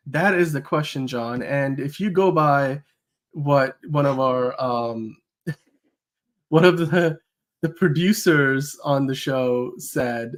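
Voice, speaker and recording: A man hosting a casual podcast, chatting in a loose, rambling way. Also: on the high side. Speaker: host.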